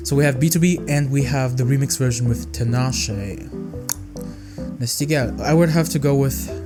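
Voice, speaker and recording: A young man chatting casually through a song-by-song music review, rambling and expressive, with music playing behind him. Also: medium pitch, moderate pace.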